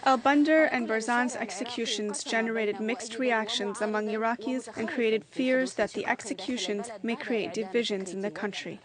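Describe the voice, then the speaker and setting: A female news anchor reading scripted headlines in a brisk, formal way. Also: fairly high pitch.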